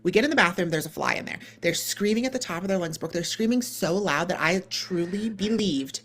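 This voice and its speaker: A woman in her thirties hosting a podcast, telling a long story in a casual, animated way, full of "like" and acted-out dialogue. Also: lowish voice, brisk, slight background noise. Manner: animated, lots of "like" and quoted dialogue. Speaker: podcast co-host.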